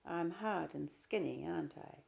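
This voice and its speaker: In a lowish, gravelly voice with a darkish tone and measured pace, a woman reads an audiobook's dialogue for an insecure, jealous young woman. The character asks pleading, needling questions.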